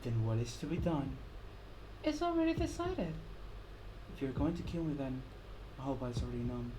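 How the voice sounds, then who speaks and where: A woman streamer giving an intense dramatic reading of a visual novel, swinging from hushed whispers to loud cries. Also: rumbling low, fast, background noise. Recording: clear background music.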